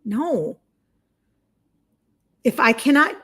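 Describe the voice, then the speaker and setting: A woman's voice: mid-range voice, lively intonation, moderate pace, vocal fry, long pauses, a bit bright, soft background music. A woman in her fifties, a health and wellness coach, chatting heartfelt and open on a livestream and reading viewer comments. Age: 50s.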